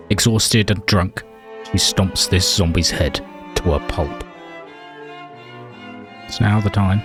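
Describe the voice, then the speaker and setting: A man's voice: low voice, takes it slowly, long pauses, over music. A man narrating his game playthrough as a mock-tragic story, with dry humour. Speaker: let's play host.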